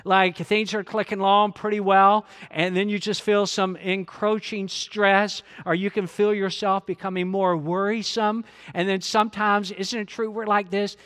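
A man's voice: high-pitched, level tone, moderate pace, few pauses, fairly bright tone. A male pastor preaching a sermon earnestly, repeating key phrases and leading the congregation to read along. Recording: long hall reverb.

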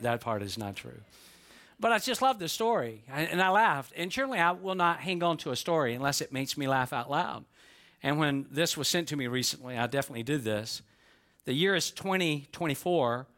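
Male pastor, bright and slightly high voice, folksy conversational sermon delivery. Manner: folksy storytelling, conversational asides. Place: church.

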